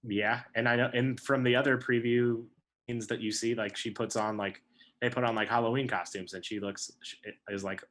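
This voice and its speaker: A man co-hosting a casual podcast, talking haltingly with many restarts. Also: mid-range voice, little pitch movement, fairly bright tone. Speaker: podcast co-host.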